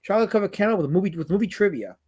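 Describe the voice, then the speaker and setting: A man from New York hosting a casual chat show, rambling and animated, repeating his words. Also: sits high, very fast, slightly rough. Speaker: podcast host.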